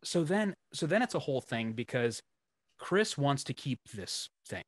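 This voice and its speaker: Animated swearing man telling road stories. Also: mid-range voice, moderate pace, husky, dry recording. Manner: animated storyteller, swears freely, acts out what others said. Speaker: band member telling tour stories. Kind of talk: casual podcast chat.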